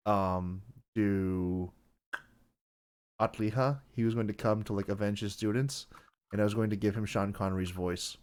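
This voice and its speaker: A man's voice: on the low side, steady tone, normal speed. Male podcast host, casual, rambling, dry and self-deprecating.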